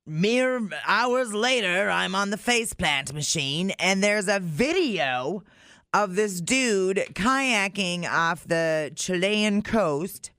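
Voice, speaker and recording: A woman's voice: medium pitch, fairly bright tone, no echo. A woman co-hosting a radio morning show, telling a news story and reacting dryly to her partner. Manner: storytelling, dry and exasperated. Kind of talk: casual radio banter.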